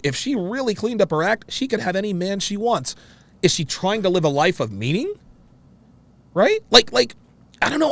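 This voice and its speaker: A man hosting a reaction show, commenting on a clip in an excitable way and often repeating himself. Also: high voice. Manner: excitable, interrupts and repeats phrases.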